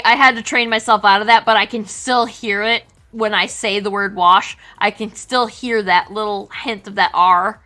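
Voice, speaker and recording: Bright chatty woman with Wisconsin accent. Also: mid-range voice. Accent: southern Wisconsin. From southern Wisconsin. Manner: chatty, rambling, many restarts. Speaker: artist co-host. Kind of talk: casual chat on a livestream.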